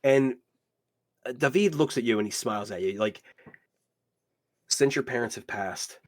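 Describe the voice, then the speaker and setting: A man's voice: medium pitch, moderate pace. A man narrating as game master, rambling and full of fillers.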